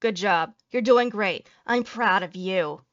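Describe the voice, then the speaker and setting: A woman's voice: mid-range voice, slow pace, muffled recording, heavy background noise. A woman VTuber giving a salty, profane reaction commentary, ranting and joking at her viewers. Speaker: VTuber streamer.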